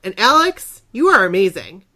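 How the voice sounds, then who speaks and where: A woman co-hosting a chat, reacting with gushing excitement. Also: medium pitch, normal speed. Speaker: podcast co-host. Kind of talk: casual chat.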